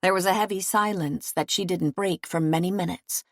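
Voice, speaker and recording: Low-voiced woman narrating an audiobook. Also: fairly even intonation, normal speed, few pauses, no room sound, studio quality. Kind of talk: scripted narration.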